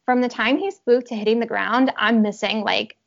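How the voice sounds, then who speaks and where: Woman, casual storyteller, animated, slightly muffled lo-fi audio. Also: on the high side, normal speed, creaky. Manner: animated storytelling, acts out quotes, laughs often. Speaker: horse rider telling her story. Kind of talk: casual podcast chat.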